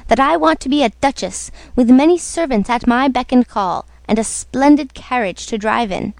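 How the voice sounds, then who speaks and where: A woman's voice: sits high, moderate pace, gravelly, darkish tone, no echo. A woman voicing a greedy, scolding old peasant wife in a storybook reading, with a scornful, haughty manner.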